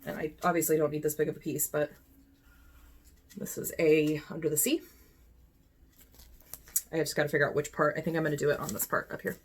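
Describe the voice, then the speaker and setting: A woman's voice: sits low, little pitch movement, fairly quick, long pauses, breathy edge. A woman, chatting casually to her phone camera while showing cross-stitch projects, often correcting herself. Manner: chatty, self-correcting, talks to herself while handling items. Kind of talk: casual show-and-tell chat.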